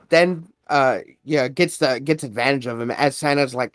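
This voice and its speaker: A man with a fairly high voice co-hosts a podcast, casually retelling a movie plot, laughing often and acting out the characters' lines. The recording is dry and studio quality.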